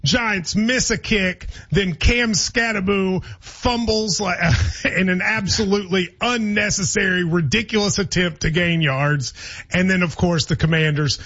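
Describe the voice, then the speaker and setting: A man's voice: high-pitched, a little slow, sharp tone, slightly rough, muffled recording. A man hosting a sports radio show, chatty and wry. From Kentucky. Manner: chatty, wry, laughs easily. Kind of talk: casual sports talk.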